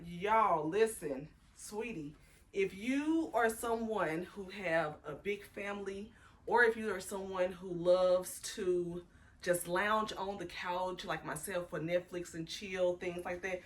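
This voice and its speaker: Animated woman chatting to her viewers. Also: mid-range voice, measured pace, recorded from a distance. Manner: animated, calls viewers girl, honey and y'all. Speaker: home vlogger reviewing a couch. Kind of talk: casual chatty product review. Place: small apartment living room.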